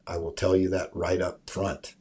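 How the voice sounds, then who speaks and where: A man's voice: low-pitched, monotone, moderate pace, darkish tone. A man hosting a sports show over a remote call, talking casually and emphatically, often tagging "right?" onto his points. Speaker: show host. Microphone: remote call mic.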